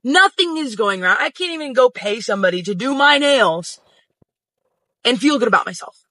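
A man's voice: extremely high pitch, expressive, normal speed, pushed and bright, no room sound. A man telling a storytime monologue to camera, venting emphatically and swearing freely. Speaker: social media storyteller.

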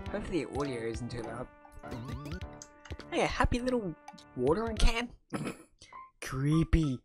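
Woman host, casual let's-play commentary, lowish voice with a lively swing, excitable. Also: moderate pace, pauses often, over music. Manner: excitable, swears, blurts out reactions. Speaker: gaming channel host.

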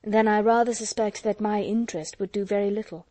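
A woman voicing a composed, reserved young woman in an audiobook, measured and polite. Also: medium pitch, fairly even intonation, warm tone, no room sound, natural voice. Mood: restrained.

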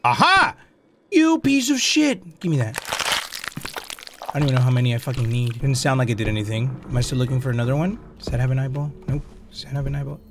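A young man hosting a gaming video, commenting on a horror game as he plays, excitable and profane, muttering to himself and yelling at the game. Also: mid-range voice, fast, background noise.

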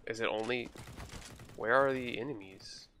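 With gunfire and keyboard clicks in the background, a man hosts a gaming video, cracking jokes and trash-talking as he plays. His medium-pitched voice is sharp-toned at a normal speed, with a little background noise.

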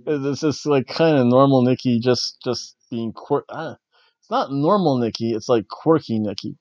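A man's voice: mid-range voice, moderate pace, darkish tone, no room sound. A man in a mid-range voice recaps wrestling in a loose, rambling way, chuckling as he goes. The recording is dry and close, with a dull, lo-fi sound. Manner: rambling, chuckling, slightly awkward. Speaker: podcast host.

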